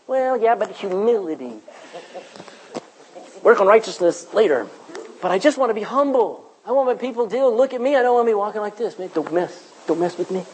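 A man preaching a sermon in church, with loud rises and quiet drops. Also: sits high, sing-song, a little fast, slight background noise, low-quality recording. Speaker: pastor.

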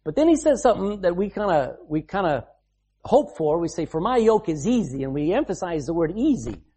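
A man's voice: sits high, big pitch swings, brisk, dark tone, breathy edge. A man preaching a sermon as pastor, emphatic, reading scripture aloud and explaining it.

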